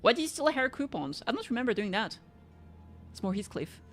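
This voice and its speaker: A woman's voice: fairly high pitch, sing-song, fairly quick, soft background music. A woman streamer reading game dialogue aloud in a casual playthrough, joking that she can't do accents. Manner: reads dialogue aloud, jokes about not doing accents.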